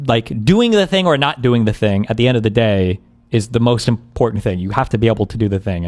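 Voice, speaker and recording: Fast-talking lowish-voiced male streamer. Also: darkish tone. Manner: blunt, profane, thinks aloud. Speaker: streamer reacting to a debate video. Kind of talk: casual reaction commentary.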